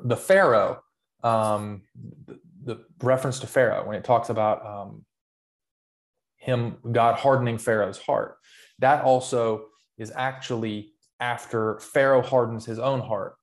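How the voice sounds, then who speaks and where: A man co-hosting a podcast, explaining his view in casual, earnest, rambling talk with restarts. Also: on the low side. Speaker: podcast co-host. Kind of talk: casual theological discussion.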